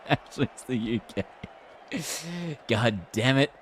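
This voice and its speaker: A man's voice: mid-range voice, takes it slowly, slight background noise. An Australian man chatting casually on a live stream, reacting to a game and reading chat aloud. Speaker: gaming streamer.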